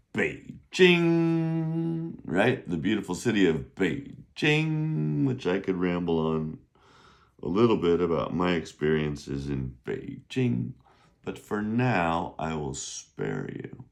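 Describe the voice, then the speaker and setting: A man's voice: low-pitched, big pitch swings, slow, vocal fry. A middle-aged man teaching a casual video lesson on Chinese, chatty and rambling, often checking in with "right?".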